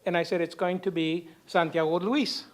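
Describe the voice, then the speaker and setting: A man quoting a brisk protective mother. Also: high voice, fairly even intonation, lightly acted. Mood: quoting mom. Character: protective mother, middle-aged woman, practical.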